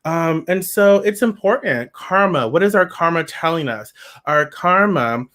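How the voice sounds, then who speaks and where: A man's voice: fairly high pitch, animated, a little slow, a bit bright. A man giving a pick-a-card tarot reading, talking to viewers in a chatty, playful way.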